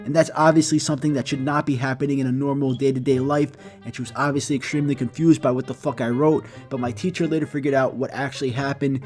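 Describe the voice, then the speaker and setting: A young man telling an animated comedy story with fast, profane, exaggerated delivery. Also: medium pitch.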